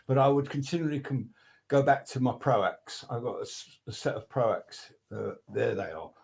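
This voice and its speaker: Older man, gravelly, profane rambling storyteller, video call interview. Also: medium pitch, moderate pace. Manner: rambling, profane, restarts a lot, animated quoting. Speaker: guest record producer.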